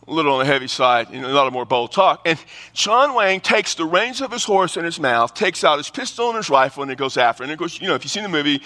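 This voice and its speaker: Man, pastor, lively high voice, bright, sermon storytelling, long hall reverb. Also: fast. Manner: animated storytelling with humor and repeated restarts.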